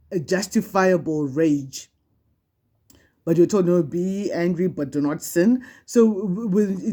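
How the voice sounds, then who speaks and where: Woman tarot reader, mellow warm timbre, conversational and emphatic, repeats herself often. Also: on the low side. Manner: conversational, emphatic and repetitive, with frequent restarts. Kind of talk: spiritual card reading to camera.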